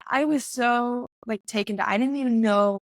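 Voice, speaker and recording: A woman's voice: a little high, moderate pace, no room sound. A young woman in her twenties, a podcast guest telling a personal story in a chatty way, full of "like" and acted-out quotes. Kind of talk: casual storytelling conversation.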